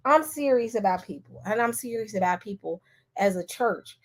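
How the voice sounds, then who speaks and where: Speaking at a normal speed in an animated, medium-pitched voice, a woman vlogger offers casual commentary directly to her viewers. She presses her points hard, repeats herself, and frequently starts over.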